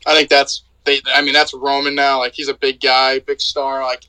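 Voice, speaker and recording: A man's voice: medium pitch, monotone, moderate pace, bright, forceful tone, a little hiss or hum, rough recording. A man co-hosting a casual wrestling chat, blunt and saying "like" constantly. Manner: filler-heavy, says "like" a lot, blunt. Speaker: co-host.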